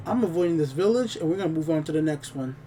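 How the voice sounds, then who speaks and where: Man reading game text, stumbles and rereads, mellow tone, distant mic with faint hum. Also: a little high, animated, quick pace. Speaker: let's play host.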